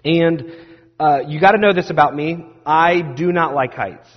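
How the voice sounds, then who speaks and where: Male pastor, sermon storytelling, slightly high voice, long church reverb, dull sound. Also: moderate pace. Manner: animated, self-deprecating storyteller.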